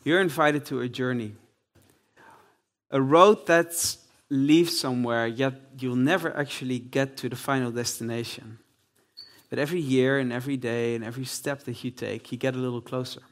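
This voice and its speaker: A male preacher opens his sermon with emphatic delivery, repeating phrases to drive them home. His voice sits at an ordinary middle pitch. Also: fairly even intonation, brisk.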